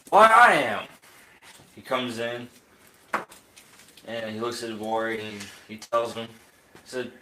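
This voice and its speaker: A man's voice: lowish voice, completely flat delivery, slow, long pauses. A man narrating a tabletop game as game master, loose and laughing as he goes. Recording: roomy room, faint hiss.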